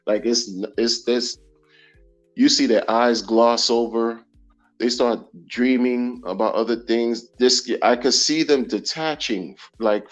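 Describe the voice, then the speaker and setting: A man hosting a casual crypto livestream, talking in an animated, slangy way with lots of repeated phrases. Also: mid-range voice. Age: adult. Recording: dull lo-fi audio with faint music.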